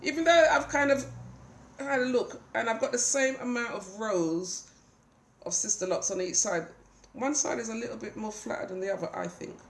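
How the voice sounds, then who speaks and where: This slightly high-voiced woman talks at normal speed. A UK vlogger nursing a cold, she gives an easygoing hair update at home, meandering and dropping plenty of ums into a roomy-sounding recording.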